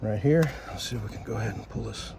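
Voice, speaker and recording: A man's voice: lowish voice, quick pace, creaky, dark tone. Contractor type, male, casual outdoor walkthrough, noisy phone audio. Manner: plain, explanatory, with frequent "uh" fillers. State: a little out of breath. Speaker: gutter repair contractor. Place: outdoors at a house.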